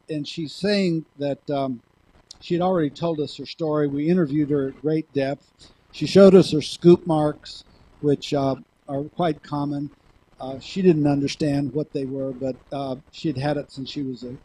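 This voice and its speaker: A man giving a lecture, speaking in a slow, halting way with frequent pauses as he reads from notes. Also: a little high, steady tone, mellow, a little hiss or hum, poor audio. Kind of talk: lecture, reading a hypnosis transcript.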